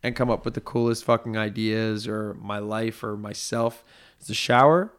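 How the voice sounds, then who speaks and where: A man's voice: fairly low pitch, steady tone, moderate pace. A man in casual podcast chat, blunt and rambling, swearing freely. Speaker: works with clients.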